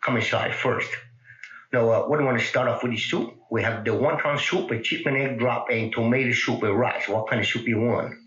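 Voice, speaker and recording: A man voicing an impatient, snappish restaurant waiter in a 1950s comedy sketch, with a broad put-on accent and yelling at customers. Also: mid-range voice, fairly even intonation, brisk, roomy sound, dull audio, lightly acted. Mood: exasperated. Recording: scratchy old record through camera mic.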